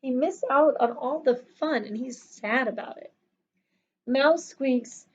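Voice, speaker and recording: A woman teacher reading a picture book aloud to children, in an animated sing-song way with chatty asides to them. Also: high-pitched, slow pace, dull audio.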